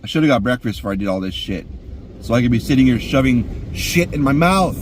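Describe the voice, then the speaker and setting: A man's voice: medium pitch, animated, fast, noisy background. A man ranting crudely and profanely while sitting in his car. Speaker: vlogger.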